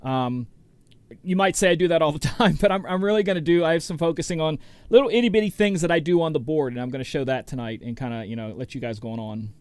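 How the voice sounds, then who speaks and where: A talkative middle-aged man hosts a casual DJ livestream and greets chat viewers one by one. His voice sits a little high for a man. The sound is dry and close to the mic. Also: fast, smooth, dry recording. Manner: rambling, chatty, greets viewers by name. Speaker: DJ and show host.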